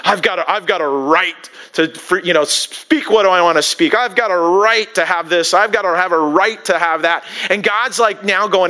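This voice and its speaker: Bright, high-voiced male preacher. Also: moderate pace, clean tone. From United States. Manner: conversational preaching with restarts and acted-out asides. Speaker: pastor. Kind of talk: sermon.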